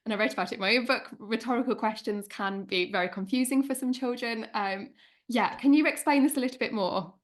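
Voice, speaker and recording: A woman hosting a podcast interview, asking questions in a quick, chatty way. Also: fairly high pitch. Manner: quick, chatty, laughs easily. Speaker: podcast host.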